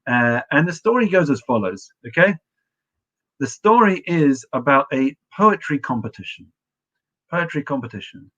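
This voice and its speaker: A man giving a sermon over an online stream, telling a story with halting restarts before leading a psalm. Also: on the high side, big pitch swings, fairly bright tone, highs cut off. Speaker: rabbi.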